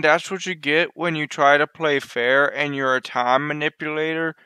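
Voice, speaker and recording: A man's voice: fairly high pitch, steady tone, normal speed, hardly any pauses, sharp tone, clean tone, no echo. A man giving a sarcastic, profane comedic commentary as a video essayist. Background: music.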